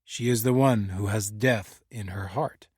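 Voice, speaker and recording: A man's voice: fairly low pitch, measured pace, darkish tone, breathy edge, dry recording, clean studio sound. A man doing an enigmatic old poet. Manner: enigmatic, solemn, formal. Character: enigmatic older male poet friend.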